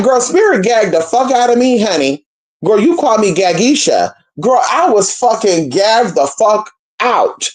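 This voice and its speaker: Young woman, spiritual practitioner, casual profane storytelling, very expressive pitch. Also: moderate pace. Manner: animated, profane, addresses viewers as y'all and girl.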